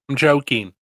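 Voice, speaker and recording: A man's voice: fairly bright tone, no echo, rough recording. Chill guy rambling on a live stream, cracking jokes, dead dry room. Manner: laid-back, rambling, jokey. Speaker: livestream host. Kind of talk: casual chat.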